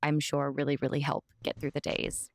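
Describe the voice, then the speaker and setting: A woman's voice: low-pitched, flat delivery, normal speed, gravelly, no echo, studio quality. A woman hosting a podcast interview, asking her guest questions in a thoughtful, searching way. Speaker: podcast host. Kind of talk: conversational interview.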